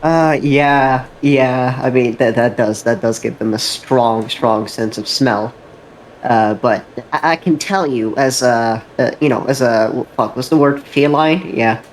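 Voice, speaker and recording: A tabletop player who rambles through casual table talk, stumbling and restarting often. The voice sits at a middle pitch, with a faint hiss behind it. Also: measured pace, rough recording.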